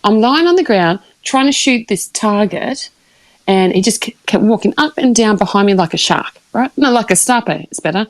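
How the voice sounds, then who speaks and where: A woman's voice: medium pitch, lively intonation, moderate pace, no room sound, low-quality recording. Woman, Australian accent, casual rambling story, laughs often, dry close sound. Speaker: livestream host.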